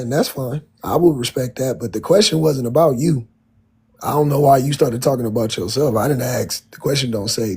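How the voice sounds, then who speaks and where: A man's voice: medium pitch, warm tone, husky. A man arguing bluntly and mockingly in a heated debate.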